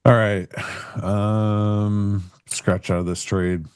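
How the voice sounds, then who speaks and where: A man's voice: on the low side, flat delivery, very slow, darkish tone, smooth, no room sound. A man co-hosting a live trading stream, laid-back with dry ribbing, commenting on his trades. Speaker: co-host and futures trader. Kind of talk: casual live-stream banter.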